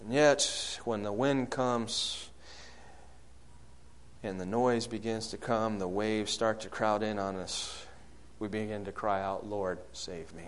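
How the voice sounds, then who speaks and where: A man preaching a sermon, asking the congregation questions and swinging from loud, high calls to low, soft lines. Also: steady tone, slow pace, clean tone. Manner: rises loud and high when acting out quoted prayers, drops low and soft on key lines.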